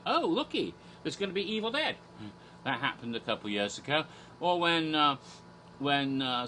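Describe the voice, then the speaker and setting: This medium-pitched male voice sounds bright and forceful, and a little hiss or hum sits under it. He's an Asian American English speaker who vlogs about horror theme parks, rambling casually in character with a put-on British accent and goofy theatrical asides.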